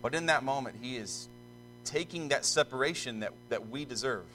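A man's voice: mid-range voice, normal speed, bright, forceful tone, faint music behind, low-quality recording. A male pastor reading scripture solemnly and then preaching earnestly to a church congregation, repeating himself as he presses a point.

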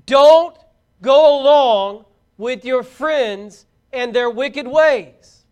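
A middle-aged man preaching a sermon to young people, fervent and shouting out his exhortations. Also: very high voice, very slow, clean tone.

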